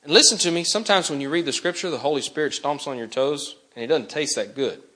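A man's voice: fairly high pitch, fast, bright, forceful tone. A man preaching an impassioned sermon, urgently pressing the listeners and breaking into acted-out dialogue.

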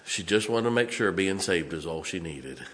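Deep-voiced preacher. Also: male voice, lively intonation, normal speed, a little hiss or hum. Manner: folksy, swings from loud to hushed. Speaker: pastor. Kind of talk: storytelling sermon. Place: church sanctuary.

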